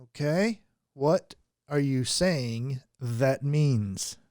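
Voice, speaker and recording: A man's voice: medium pitch, lively intonation, extremely slow, darkish tone, dry recording, studio quality. A man hosting a comedic game show over a phone call, teasing his players and laughing often.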